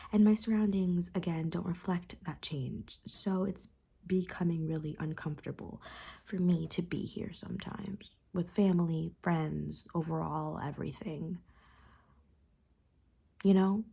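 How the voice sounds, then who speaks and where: Young woman, confessional vlog, frustrated, rambling, breathy voice. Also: fairly low pitch, warm tone. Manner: candid, rambling, repeats phrases. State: upset and frustrated. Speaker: vlogger.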